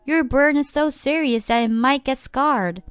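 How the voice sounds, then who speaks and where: A woman voicing a middle-aged father who scolds loudly in worry, in a read-aloud story. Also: sits high, measured pace, no room sound, faint music behind, pitched above the performer's own voice. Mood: alarmed. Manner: loud, scolding. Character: shocked worried father, middle-aged man, yelling.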